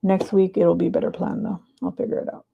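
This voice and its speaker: A woman hosting a live stream from her desk, chatting casually and breaking into high excited cheers, on a clip-on mic. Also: fairly quick, vocal fry, husky, narrow, tinny audio. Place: home desk. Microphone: clip-on mic in her shirt.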